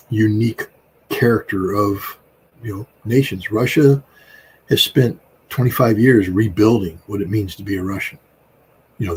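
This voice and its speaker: A man's voice: on the low side, a little mellow, slight background noise, rough recording. An American man in his sixties, speaking as an interview guest in a rambling, emphatic way with frequent fillers. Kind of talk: casual interview talk.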